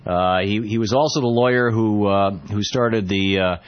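A man hosting a political talk radio show, speaking in a halting, sarcastic monologue full of restarts. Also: lowish voice, muffled recording.

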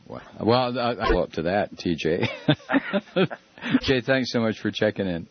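A man's voice: fairly low pitch, expressive, unhurried, husky. A male radio talk show host taking calls, talking with passion and rant, often restarting his sentences. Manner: impassioned, ranting, many restarts. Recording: muffled lo-fi broadcast audio.

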